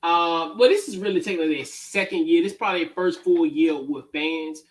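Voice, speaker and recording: A man with a noticeably high voice hosts a laid-back sports talk show. He talks casually with plenty of fillers and moves steadily from one game pick to the next. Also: brisk, distant mic. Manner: relaxed, lots of fillers, runs through game picks. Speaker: podcast host.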